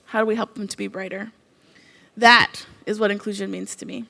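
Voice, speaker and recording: A middle-aged woman from Canada giving a conference keynote, telling stories in a conversational, expressive way. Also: mid-range voice, fairly quick, vocal fry. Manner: expressive storytelling, conversational with frequent "like". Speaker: keynote speaker.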